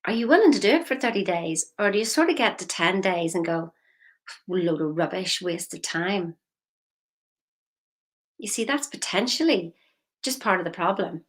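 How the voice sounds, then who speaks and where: A woman's voice: medium pitch, expressive, brisk. A woman giving a motivational talk as a coach, firing repeated questions at the listener.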